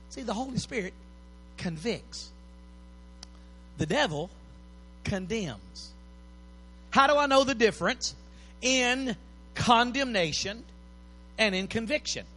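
A man's voice: high-pitched, pushed and bright, slight background noise. A man preaching a sermon, impassioned, with repeated pleading phrases.

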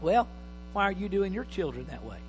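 A man preaching a sermon as pastor, emphatic, swinging from loud bursts to quiet asides. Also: high voice, big pitch swings, fast talker. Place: church hall. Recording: reverberant hall with faint mains hum.

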